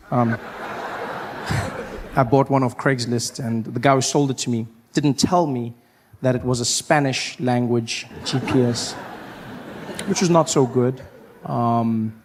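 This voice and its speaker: A man from doing stand-up comedy, telling stories in an animated way and acting out scenes with loud outbursts. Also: medium pitch, slightly rough. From South Africa.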